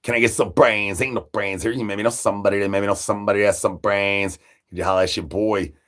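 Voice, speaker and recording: A man live-streaming in a zombie persona, rambling through silly catchphrases with sudden jumps in pitch. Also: fairly even intonation, fast, a bit bright. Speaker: livestreamer in zombie character. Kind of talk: absurd live-stream banter.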